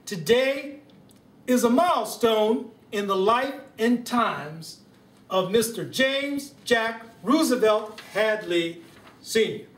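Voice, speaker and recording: A man doing a comic impression of a US president at home, giving a drawn-out formal welcome speech with deliberate stumbles. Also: sits high, animated, fairly bright tone, full character voice. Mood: stately. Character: male US president impression, stately and slow. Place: home living room. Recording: roomy room sound from a distant camera.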